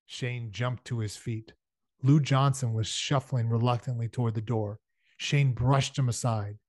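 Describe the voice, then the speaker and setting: A man reads a novel aloud at a medium pitch, steady and unhurried, now and then breaking off to explain things in a casual, chatty way. The recording is dry and close, with no room sound. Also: no echo. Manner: casual explanatory asides between passages. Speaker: audiobook reader.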